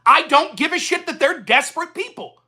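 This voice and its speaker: A man's voice: very high-pitched, lively intonation, moderate pace, sharp tone. A man hosting a political talk show, delivering an angry, profane solo rant that he aims straight at the listener. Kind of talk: solo ranting commentary.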